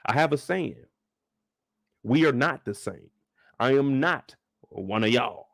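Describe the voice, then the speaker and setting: Animated, joking man reacting to a TV show. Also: mid-range voice, takes it slowly, vocal fry, pauses often, no echo, studio quality. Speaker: channel host. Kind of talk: reaction commentary on a TV drama.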